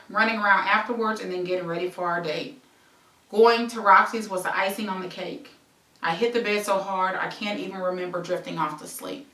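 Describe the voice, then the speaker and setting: A woman's voice: fairly low pitch, fairly bright tone, far from the mic. Woman reading her memoir aloud, echoey. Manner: present-tense storytelling broken by conversational asides. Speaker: memoir author and host.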